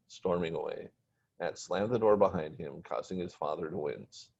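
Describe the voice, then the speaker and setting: A man reading a story aloud in plain, steady narration. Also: low voice, normal speed, vocal fry, breathy edge. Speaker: story reader. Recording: dull lo-fi recording.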